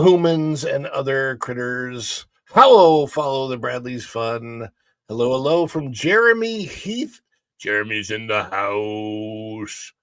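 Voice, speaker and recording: A man's voice: medium pitch, a bit bright, no room sound. A chatty man with a St. hosting a livestream, greeting viewers by name and laughing at his own jokes. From St. Louis, Missouri. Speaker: livestream host. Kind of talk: casual chat.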